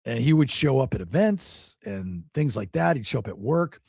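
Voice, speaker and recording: A man's voice: a little high, normal speed, vocal fry, breathy edge, dry recording, clean studio sound. A male podcast host, telling a long story in casual chat, rambling and repeating words. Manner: rambling, repeats words, animated when quoting others.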